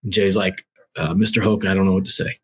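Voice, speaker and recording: Husky man telling a story with gusto. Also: low-pitched, fast talker. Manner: lively anecdotal storyteller, acts out quoted dialogue. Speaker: guest author. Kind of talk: animated storytelling.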